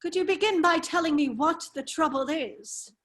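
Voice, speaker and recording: A woman's voice: very high-pitched, moderate pace, a bit bright. A woman reading the part of a foppish, giggling English aristocrat at a virtual table read of a radio play, with affected, silly laughter. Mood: quiet. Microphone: video call.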